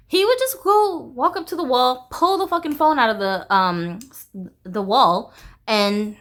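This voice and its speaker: A woman's voice: a little high, big pitch swings, a little fast, fairly bright tone. A woman vlogger in casual chat, candid and rambling, peppering her talk with "like" and swearing freely.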